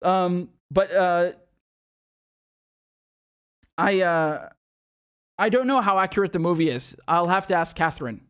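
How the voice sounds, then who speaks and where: A man's voice: high-pitched, unhurried, long pauses, fairly bright tone, clear, resonant tone. A man hosting a casual livestream, talking in a rambling, chatty way with many restarts. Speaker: livestream host.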